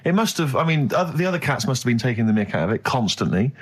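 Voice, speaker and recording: A man's voice: medium pitch, expressive, quick pace. A man co-hosting a radio show, prodding and mock-indignant. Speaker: radio co-host. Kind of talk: comic radio banter.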